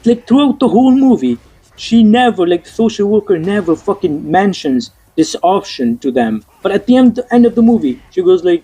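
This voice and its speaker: A man's voice: high-pitched, expressive, moderate pace, warm tone, husky, poor audio. A young man giving a casual, frustrated movie review, swearing often and stumbling over fillers and restarts.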